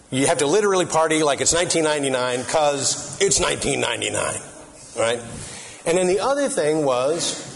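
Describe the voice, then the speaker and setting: A man's voice: on the high side, a little hiss or hum. A middle-aged man giving a humorous Catholic talk to an audience, joking and asking them questions in a conversational way. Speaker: Catholic speaker.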